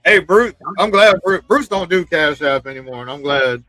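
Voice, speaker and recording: A man co-hosting a casual live stream, his voice bright and a little tense. He tells stories with plenty of swearing and laughter. The sound is dry, with faint music underneath. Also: on the high side, expressive, moderate pace, no room sound, poor audio. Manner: profane, storytelling, laughing.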